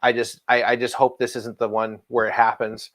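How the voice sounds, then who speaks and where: A man's voice: mid-range voice, flat delivery, normal speed, a bit bright. A man co-hosting a casual comic book show, rambling, restarting his sentences and laughing often. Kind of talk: casual chat.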